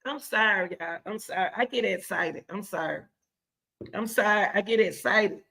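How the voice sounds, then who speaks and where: A woman hosting casual reaction commentary, excitable and chatty, repeating herself often. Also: mid-range voice, normal speed, gravelly. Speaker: commentary host.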